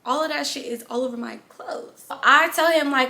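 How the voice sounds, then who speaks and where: High bright-voiced young woman telling a story. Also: normal speed, gravelly. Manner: blunt, profane, animated storytelling. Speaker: vlogger. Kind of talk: casual storytime vlog.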